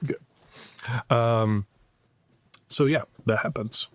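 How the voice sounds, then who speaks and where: A man narrating as game master, describing scenes in a halting way with frequent fillers. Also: mid-range voice, fairly bright tone, no echo.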